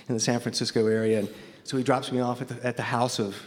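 A man from Memphis, USA tells a personal story on stage in a conversational, wry, self-deprecating way. His mid-range voice moves little in pitch and comes quickly, and he sounds nervous and a bit shaky. A long hall reverb colors the recording.

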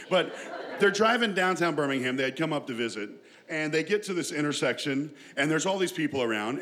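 A man's voice: medium pitch, fairly bright tone, a little hiss or hum. A man telling a personal family story to an audience in a chatty, self-deprecating way, laughing often as he goes.

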